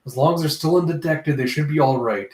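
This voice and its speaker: A man reads aloud a grim male pirate captain, curt and menacing. The voice rides slightly high, with a roomy echo around it. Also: quick pace, close to an everyday voice. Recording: echoey room.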